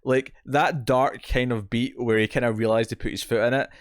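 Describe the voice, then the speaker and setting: A man co-hosting a podcast, recapping a TV episode in casual chat, animated and quick to laugh. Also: mid-range voice, no room sound, studio quality. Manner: animated, laughs often, acts out characters' lines. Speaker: podcast co-host.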